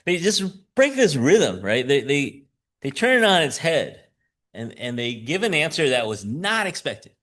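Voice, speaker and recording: Animated man giving a chatty sermon. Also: fairly high pitch, a little slow. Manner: animated, chuckling, frequent "right?" asides. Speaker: lay preacher and schoolteacher. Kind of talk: conversational sermon.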